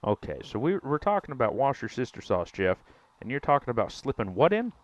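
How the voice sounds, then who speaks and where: A man's voice: medium pitch, sing-song, a little fast. A man, casually joking and teasing his chat during a live game stream. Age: 20s. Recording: dull lo-fi stream mic.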